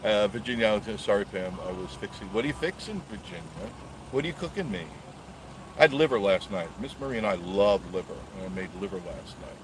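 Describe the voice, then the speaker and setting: Low-voiced man rambling live from his car. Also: lively intonation, brisk. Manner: rambling, joking, reads out and answers viewer comments. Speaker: live-stream host. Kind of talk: casual live stream chatting with viewers. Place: inside his car on busy streets. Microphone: phone on a gimbal. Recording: clear traffic noise behind the voice.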